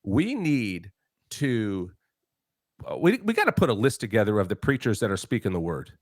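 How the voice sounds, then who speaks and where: A man hosts a talk show, pressing his points with rhetorical questions and frequent restarts. His pitch swings widely as he preaches. The sound is dry and close. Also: sing-song, normal speed, no echo. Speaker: show host. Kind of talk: political talk show chat.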